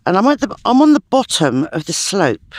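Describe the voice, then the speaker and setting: A man's voice: high-pitched, very animated, moderate pace. A man with a chatty, enthusiastic manner, talking to himself and the viewers while metal detecting in a sloping farm field. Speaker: metal detecting channel host. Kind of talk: casual outdoor vlog chat.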